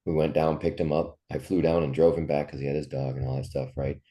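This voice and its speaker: A musician in his fifties tells personal stories as an interview guest, raw, profane and heartfelt. His voice rumbles low and dark, delivered fast in a level tone.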